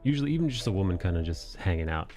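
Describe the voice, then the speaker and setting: A man's voice: low voice, big pitch swings, rapid-fire, a little mellow, faint music behind. A man hosting a live drawing stream, chatting casually and rambling with many fillers. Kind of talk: casual chat while drawing.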